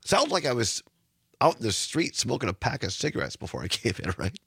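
A middle-aged male radio host speaks in a hoarse, raspy voice, gravelly and rough at the edges. He talks casually, circling back and repeating himself, close on a dry studio mic. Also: medium pitch, wildly swooping pitch, a little fast, fairly bright tone, no room sound. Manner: rambling, repeats words, chuckles. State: hoarse from sinus trouble. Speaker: radio talk show host. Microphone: studio microphone.

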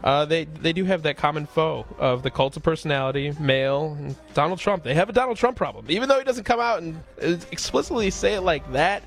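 A man hosting a talk radio show, speaking in a relaxed way with a few uhs. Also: on the high side, brisk, gravelly, hardly any pauses, faint music behind.

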